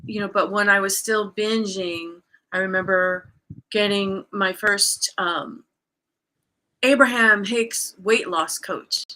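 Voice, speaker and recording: A woman's voice: mid-range voice, fairly even intonation, takes it slowly, sharp tone. A woman guest speaking as a coach in a casual conversation, candidly telling a personal story with plenty of fillers and restarts.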